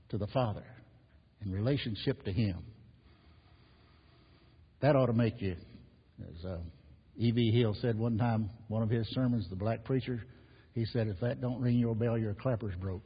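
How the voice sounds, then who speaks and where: A husky, breathy male preacher delivers an emphatic sermon that surges and drops. His voice rings out in a long hall reverb, and the recording is muffled. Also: medium pitch, expressive, unhurried, long pauses. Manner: emphatic preaching, rising and falling with repetition. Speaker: pastor.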